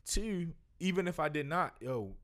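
A man's voice: on the high side, moderate pace. Guy ranting on a podcast, says yo nonstop, voice swings way up and down. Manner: animated, says "yo" constantly, self-interrupting. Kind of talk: casual chat, ranting.

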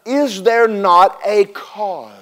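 Male preacher, high pitch, animated sermon delivery with call-and-response. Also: drawn-out words. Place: church service with congregation responding.

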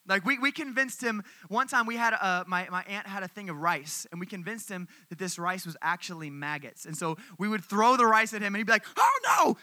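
Bright, high-voiced young man preaching. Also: dry recording. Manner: animated storytelling to a crowd. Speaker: youth speaker. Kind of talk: sermon.

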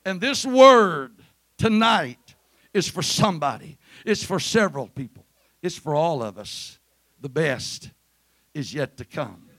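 A man preaching a sermon in church, calling out for amens and rising to shouted peaks. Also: fairly high pitch, sing-song, measured pace, dry recording, clean studio sound. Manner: rises to shouted peaks, calls for amen. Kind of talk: Pentecostal sermon. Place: church sanctuary.

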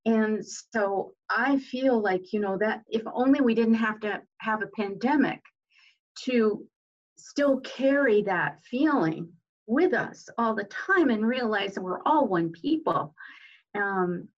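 A woman guest giving an earnest, inspirational talk, often pausing with fillers and restarting her sentences. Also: fairly high pitch, expressive. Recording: dull lo-fi sound.

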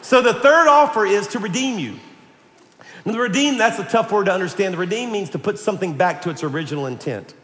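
A man pastor delivering an energetic, animated sermon to his congregation, calling for amens. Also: high-pitched, fast talker. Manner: energetic, animated preaching with call-and-response. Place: church sanctuary. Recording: echoey church hall.

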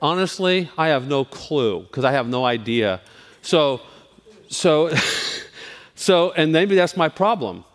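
Chatty pastor in a reverberant hall. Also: male voice, on the high side, expressive, takes it slowly. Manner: candid, self-deprecating, chatty with frequent restarts. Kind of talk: informal sermon.

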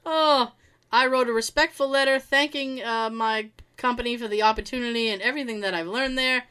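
Woman storyteller, high and bright, casual reader who laughs and quips. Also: fairly quick, smooth. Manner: laughs often, quips between stories. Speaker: storyteller reading listener stories. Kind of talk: casual story reading with asides.

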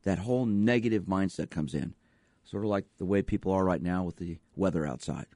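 Deep and mellow, this man's voice moves fairly quickly, with no echo in the recording. He hosts a radio show as a sports psychologist and speaks emphatically in monologue, leaning on one rhetorical question after another.

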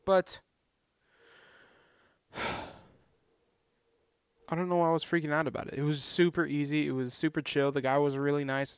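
A man's voice: on the high side, clean tone, no echo. A young man vlogging in a casual, rambling way, chatty and self-deprecating.

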